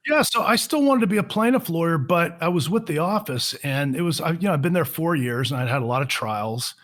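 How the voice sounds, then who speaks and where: A man in his fifties, a trial lawyer guest on a podcast, telling his career story in a relaxed, self-deprecating way with many fillers and restarts. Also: a little high, brisk. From Florida.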